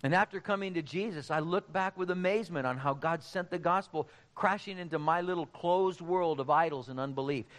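A man's voice: on the high side, a little fast, hardly any pauses, fairly bright tone. Emphatic male preacher in a reverberant hall. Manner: emphatic, direct address to the congregation. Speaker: pastor. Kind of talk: sermon.

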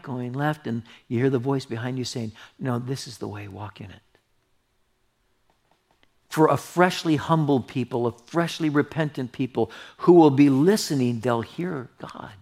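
A man pastor reads scripture aloud and then unpacks it in an earnest, conversational sermon. His mid-range voice carries a gravelly texture. He often softens to a hushed, intimate tone when making tender points. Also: mid-range voice. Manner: earnest, drops to a hushed whisper for tender asides. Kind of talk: expository Bible teaching sermon.

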